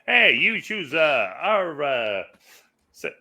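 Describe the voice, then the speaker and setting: A brash old-time commercial pitchman, put on by a man mid-conversation, jumps well above his normal pitch. His voice rings bright and forceful, and he pushes the sales patter hard. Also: sing-song, slow pace, full character voice. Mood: salesy.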